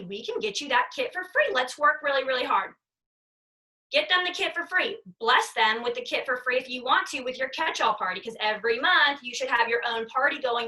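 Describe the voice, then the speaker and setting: Brief: woman team leader, high and bright, emphatic and chatty, mic a bit far off. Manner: emphatic, chatty, repeats herself. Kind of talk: motivational training talk.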